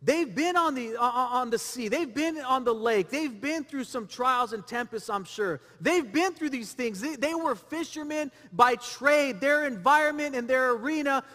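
A man's voice: very high-pitched, moderate pace, few pauses, bright, forceful tone, long reverb tail. A man preaching a sermon, asking rhetorical questions and repeating phrases as he builds his point. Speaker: pastor.

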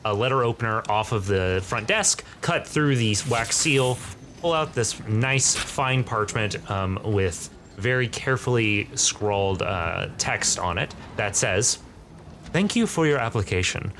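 A man's voice: fairly low pitch, animated, a little slow, fairly bright tone, a little hiss or hum. A man narrating a tabletop game as game master, in a rambling way with many fillers.

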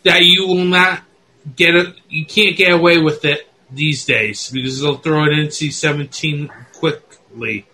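Man, fairly high voice, bright tone, offhand casual chat. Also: fairly even intonation, unhurried, a little hiss or hum, low-quality recording. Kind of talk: casual film commentary chat.

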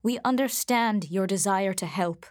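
A woman voicing a practical, cautious middle-aged mother who speaks in a measured, firm way in a storybook reading. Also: mid-range voice, lightly acted.

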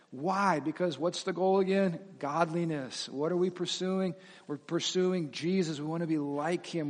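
A man preaching as pastor to his congregation, animated, asking them questions and laughing at himself. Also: high-pitched. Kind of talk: sermon. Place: church sanctuary with reverb. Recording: long hall reverb.

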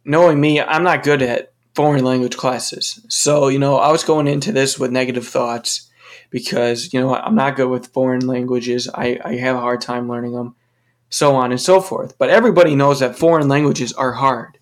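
A man's voice: mid-range voice, steady tone, moderate pace. Young man ranting on a solo podcast. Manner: profane, ranting, rambling with restarts. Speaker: podcast host. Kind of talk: casual solo podcast monologue.

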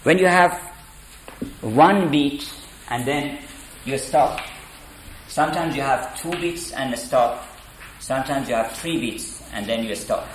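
Slow, deliberate man lecturing in an echoey room. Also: medium pitch, slight background noise. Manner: deliberate, halting, with many fillers. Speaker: lecturer on poetry. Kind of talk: spoken lecture.

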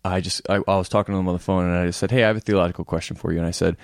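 A man in seminary trading playful banter on a podcast. His voice sits a little low and sounds dry and close to the mic. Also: fairly even intonation, racing, no room sound. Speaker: seminarian guest. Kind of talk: casual podcast chat.

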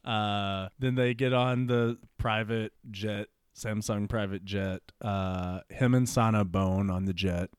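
A man's voice: lowish voice, fairly even intonation, slow, hardly any pauses, smooth, no echo, studio quality. A man co-hosting a podcast in casual chat, rambling with fillers as he tells the story. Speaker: podcast co-host.

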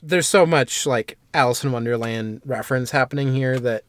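A man's voice: mid-range voice, normal speed, no echo. A man hosting a casual podcast, recapping an anime episode in a rambling way with lots of fillers and asides. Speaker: podcast host summarizing an anime. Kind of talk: casual chat.

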